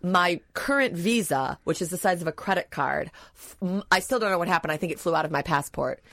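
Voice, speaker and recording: A woman's voice: on the low side, brisk, creaky, no echo. An American woman in her thirties, a comedian guest on a radio talk show, telling a story animatedly and acting out the people in it. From United States. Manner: animated, acts out quoted voices, laughs while telling. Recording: dry radio studio mic.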